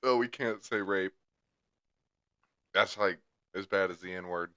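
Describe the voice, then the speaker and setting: A man's voice: deep voice, slow pace, pushed and bright, clear, resonant tone, no echo. A young man co-hosting a podcast, telling rambling stories in casual chat and swearing heavily. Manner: crude rambling storyteller, heavy swearing. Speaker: podcast co-host.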